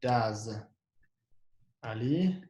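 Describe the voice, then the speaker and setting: A man's voice: medium pitch, lively intonation, extremely slow, a little mellow. Man teaching grammar in an echoey room. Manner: asks and answers his own questions, repeats example sentences with stress. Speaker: English teacher. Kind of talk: classroom grammar lesson.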